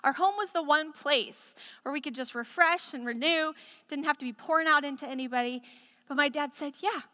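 In a church sanctuary, a woman delivers an impassioned sermon that builds toward emphatic declarations. Her voice is high, brisk, bright and forceful, and echoey hall reverb surrounds it.

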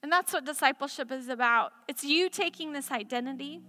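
A woman's high, bright, forceful voice moves a little fast as she preaches impassionedly in a church sanctuary. She builds to emphatic declarations while echoey hall reverb rings around her.

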